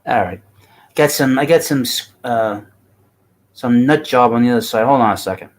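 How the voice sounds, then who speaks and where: A man's voice: medium pitch, normal speed, poor audio. Blunt New York man hosting a stream. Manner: blunt, rambling, talks to chat. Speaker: baseball livestream host. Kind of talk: casual livestream chat.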